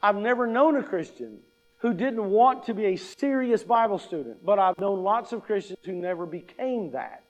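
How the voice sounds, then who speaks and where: A man's voice: high voice, animated, moderate pace. A man preaching a sermon in a conversational way, repeating key points for emphasis. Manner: conversational, emphatic repetition, acts out quoted attitudes.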